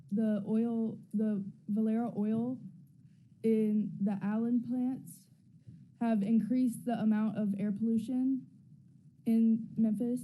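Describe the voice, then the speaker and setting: A woman's voice: a little high, mellow, rough recording. A teenage girl presenting a class project, hesitant and stumbling over her words. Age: teens. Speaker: student presenter. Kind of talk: student presentation.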